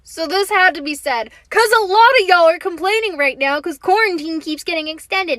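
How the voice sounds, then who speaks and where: A woman's voice: extremely high pitch, lively intonation, normal speed, hardly any pauses, fairly bright tone, no echo. A woman who works an essential job, ranting in a blunt, exasperated and sarcastic way. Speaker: essential worker. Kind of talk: ranting monologue.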